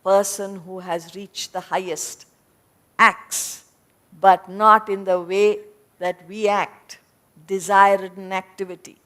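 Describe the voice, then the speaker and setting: A woman giving a lecture on scripture, explaining ideas point by point in a deliberate way. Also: mid-range voice, flat delivery, fairly bright tone. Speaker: spiritual teacher. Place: lecture hall before an audience.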